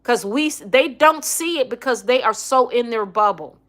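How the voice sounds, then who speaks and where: A woman's voice: fairly high pitch, expressive, normal speed, fairly bright tone. A middle-aged woman hosting a casual opinion livestream, blunt and emphatic, reading viewer comments. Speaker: livestream host.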